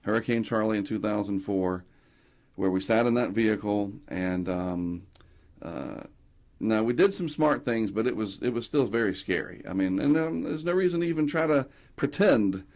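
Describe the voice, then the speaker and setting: Lower-voiced middle-aged man telling stories. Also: moderate pace. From North Carolina. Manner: animated anecdotes, acting out quotes. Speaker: guest, hurricane tracker. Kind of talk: casual storytelling interview.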